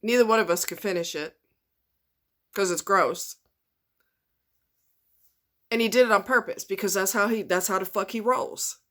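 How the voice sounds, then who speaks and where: A woman's voice: mid-range voice, moderate pace, pauses often, fairly bright tone. A woman ranting angrily into her camera, blunt and profane, repeating herself for emphasis. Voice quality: blunt, swearing, repetitive. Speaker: vlogger. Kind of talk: profane angry rant.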